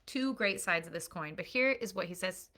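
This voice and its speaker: A woman's voice: lowish voice, animated, normal speed, pushed and bright. Earnest woman coaching parents. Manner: earnest, emphatic teaching through analogies. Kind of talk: recorded coaching lesson.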